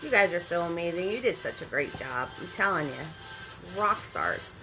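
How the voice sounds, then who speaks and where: A woman's voice: on the low side, animated, moderate pace, over music, low-quality recording. A woman leading a live painting class, chatty and encouraging, greeting viewers as she goes. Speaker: paint party instructor. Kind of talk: live online painting lesson.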